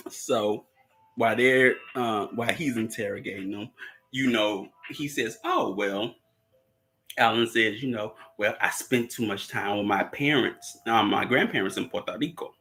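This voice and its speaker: On poor audio, an American show host with a Southern accent casually recaps and comments on a TV series. His fairly low voice sounds pushed and bright, and he rambles with plenty of fillers and laughs often.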